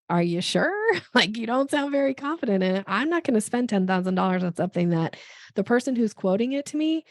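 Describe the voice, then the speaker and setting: Female podcast guest, gravelly texture, lively and chatty, plays out quick dialogue bits. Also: on the low side, no echo, clean studio sound. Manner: animated, acts out dialogue in quick voices. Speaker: podcast guest, sales expert. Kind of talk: conversational interview.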